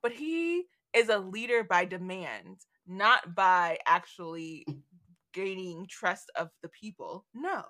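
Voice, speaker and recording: Lively bright-voiced woman podcaster. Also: medium pitch, slow. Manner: animated, retells scenes with dramatic voices. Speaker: podcast co-host. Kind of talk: casual book discussion.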